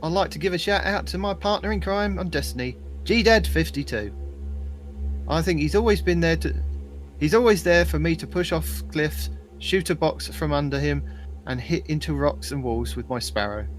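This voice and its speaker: A man's voice: a little high, normal speed, soft background music, pitched above the performer's own voice, lightly acted. A man reading out a listener's email in an exaggerated, hammy mock Australian accent, tossing in slang. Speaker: podcast co-host.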